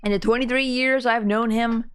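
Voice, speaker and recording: A woman's voice: a little high, fairly even intonation, normal speed, slight background noise, lightly acted. A woman reading the part of an earnest young male rookie defense lawyer, in a plain voice over game music.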